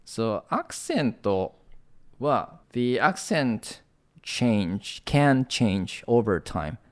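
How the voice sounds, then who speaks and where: Japanese-accented man, halting English. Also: medium pitch, very animated. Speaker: podcast co-host. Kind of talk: casual bilingual podcast chat.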